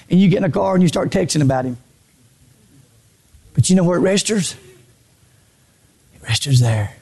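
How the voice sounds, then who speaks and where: A man preaching a sermon from a church pulpit. He repeats phrases and swings between shouted lines and hushed low ones. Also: fairly quick, long pauses. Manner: repeats phrases, stammers on restarts. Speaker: pastor.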